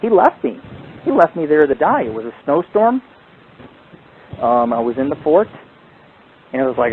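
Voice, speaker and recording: A man hosting a paranormal radio show, telling a long, profane, rambling ghost story in a casual, animated way. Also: on the high side, normal speed, long pauses. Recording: tinny phone-like line with faint hiss.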